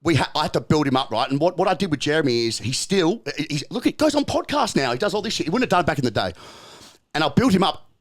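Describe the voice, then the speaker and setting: A slightly high, sing-song male voice with an Australian accent belongs to a podcast guest swapping stories in casual talk. He curses frequently, speaks in rapid bursts, and keeps restarting and repeating phrases for emphasis.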